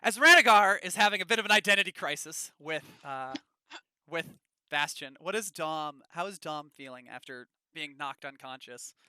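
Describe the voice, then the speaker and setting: A man's voice: fairly high pitch, animated, moderate pace, bright, forceful tone, clean tone, dry recording. A man running a tabletop role-play game as game master, describing the scene and prompting players with questions.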